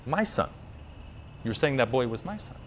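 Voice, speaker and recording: A man voicing a proud, hot-headed male god who speaks in a hushed, grave tone. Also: mid-range voice, sing-song, moderate pace, a little hiss or hum, natural voice.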